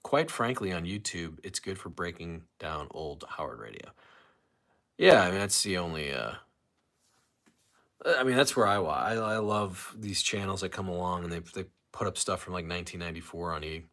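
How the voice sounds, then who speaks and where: A man's voice: deep voice, animated, normal speed, a bit bright. A man hosting a casual live stream, rambling, restarting his sentences and reading viewer comments aloud.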